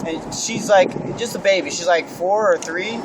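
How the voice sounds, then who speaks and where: A man's voice: sits high, moderate pace, noisy background. A young man rambling through a spooky story in casual chat, swearing a lot, recorded outdoors.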